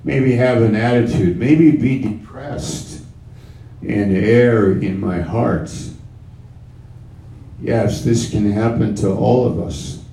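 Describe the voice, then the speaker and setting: Male preacher, sermon delivery, unhurried and emphatic; echoey room, mic at a distance. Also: lowish voice, dark tone. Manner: slow, emphatic, with repeated phrases. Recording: roomy sound from off-mic.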